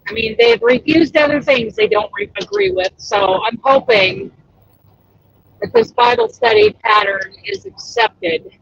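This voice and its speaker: Excitable high-voiced woman, dull lo-fi sound. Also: a little slow, creaky, slight background noise. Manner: chatty and excitable, exclaims often. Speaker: crochet pattern designer and host. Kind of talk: casual livestream chat.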